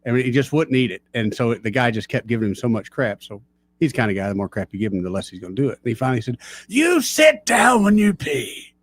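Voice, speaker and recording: A man's voice: lowish voice, rapid-fire, no room sound. A man co-hosting a casual radio talk show, trading dry, teasing banter. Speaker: radio co-host. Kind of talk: casual chat.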